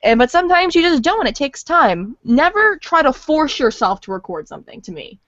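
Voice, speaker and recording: Bubbly higher-voiced woman voice actor on a podcast. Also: fairly quick, dry recording, lo-fi sound. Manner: excitable, rambling, repeats words for emphasis. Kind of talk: casual podcast chat.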